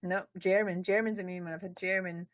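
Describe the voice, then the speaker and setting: A woman's voice: fairly low pitch, steady tone, fairly quick, dry recording, studio quality. A Scottish woman, a Twitch streamer, chatting as an interview guest, joking about herself and laughing often. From Scotland. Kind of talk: casual interview chat. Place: studio.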